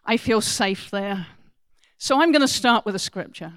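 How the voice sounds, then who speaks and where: A woman preaching a sermon to a congregation, earnest and emphatic, moving from soft asides to loud exclamations as she talks about scripture. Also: medium pitch, expressive, moderate pace, no room sound.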